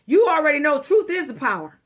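High-voiced blunt profane woman tarot reader. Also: big pitch swings, a little fast. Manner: emphatic, addresses listener directly. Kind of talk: casual tarot reading monologue.

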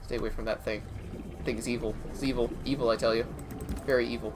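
A man giving chatty let's play commentary, talking to himself as he plays, with quick exclamations and bursts of laughter. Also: mid-range voice, little pitch movement, background noise. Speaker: gaming streamer.

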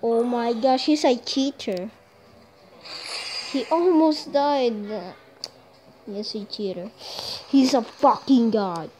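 A woman talks through her mobile game match in a slow, drawn-out way, trash-talking opponents and cursing at the lag. Her voice sits a little high, with a faint hiss behind it. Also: dark tone. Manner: frustrated, swearing trash talk at the game. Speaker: gamer commentating her match. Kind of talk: gameplay commentary.

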